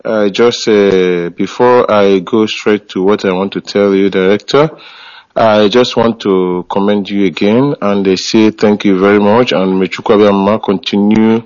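Hesitant caller on lo-fi internet call. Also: male voice, fairly low pitch, fairly even intonation, normal speed, a little mellow. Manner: hesitant, many fillers and restarts, earnest.

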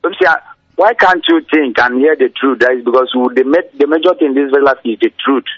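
A man's voice: medium pitch, fairly quick, slightly rough, no echo. A man calling in to radio, speaking in an earnest, rambling, repetitive way. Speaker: caller. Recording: muffled lo-fi radio call.

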